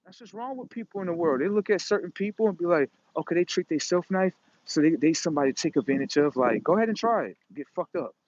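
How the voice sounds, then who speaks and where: Man ranting solo to camera, slightly higher voice, dry dull lo-fi sound, cursing and emphatic. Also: animated, quick pace, hardly any pauses, darkish tone, dry recording. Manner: profane, emphatic, rambling. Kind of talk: casual monologue. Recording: dull lo-fi recording.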